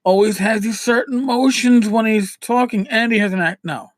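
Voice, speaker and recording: A man's voice: high voice, moderate pace, no room sound. A man from New City, giving casual podcast advice in a chatty, repetitive way, swinging between emphatic and dropped-down asides. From New York City. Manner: chatty, repeats himself, restarts phrases. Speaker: podcast host.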